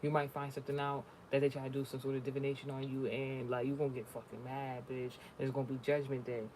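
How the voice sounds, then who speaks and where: Talking fast in a monotone, a man with a mid-range, darkish voice does a spiritual reading during casual conversation. He's blunt and profane as he tells his stories, and there's slight background noise.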